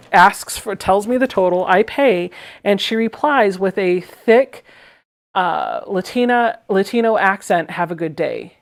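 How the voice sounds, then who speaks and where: A woman hosting a live sewing stream, chatting casually and telling stories while she sews. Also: medium pitch. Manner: chatty, laughs often, tells anecdotes. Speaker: sewing livestream host.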